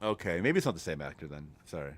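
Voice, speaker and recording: A man's voice: low voice, big pitch swings, quick pace, no room sound. A man appearing as a guest on a live movie stream, chatting casually and often stumbling into stammered restarts. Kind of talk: casual movie review chat. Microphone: remote streaming mic.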